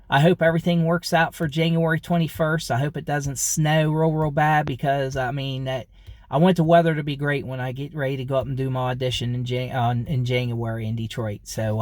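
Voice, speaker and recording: A man's voice: a little high, dry recording, studio quality. A man vlogging to camera in a loose, rambling way, with many fillers, restarts and chuckles. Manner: rambling, repeats himself, frequent fillers and chuckles. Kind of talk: casual talk to camera.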